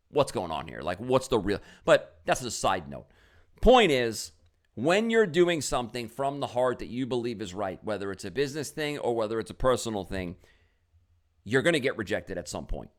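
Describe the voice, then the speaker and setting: A middle-aged man telling a story with many fillers and quoted exchanges, giving a casual motivational talk to camera as a business coach. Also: fairly low pitch.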